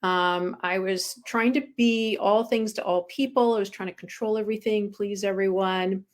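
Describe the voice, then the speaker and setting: A woman guest speaks candidly, a spiritual coach recounting her own past in an unpolished, conversational way. She pokes fun at herself and fills pauses with ums. Her pitch sits in a typical middle range. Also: fairly even intonation. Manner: frank and self-deprecating, with frequent ums. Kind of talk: candid personal storytelling.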